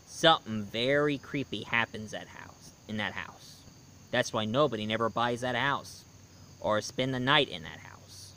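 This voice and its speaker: A man telling a scary story to his listeners, dramatic, swinging between loud and hushed lines. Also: medium pitch, clean tone. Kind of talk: spooky storytelling.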